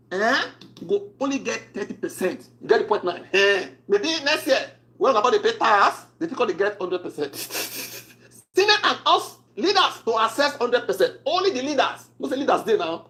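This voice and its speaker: A woman with a Nigerian accent talks through the news in a wry, chatty manner, slipping between Pidgin and English. Her voice sits a little higher than most women's. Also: fairly bright tone, rough recording. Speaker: political commentary host. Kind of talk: casual political commentary.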